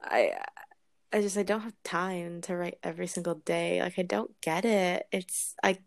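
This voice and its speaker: A woman's voice: on the low side, moderate pace, gravelly, no echo, clean studio sound. A young woman, a guest author in a podcast conversation, chatting casually and filling her talk with "like". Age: young adult. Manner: chatty, many fillers like "like". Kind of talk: casual chat.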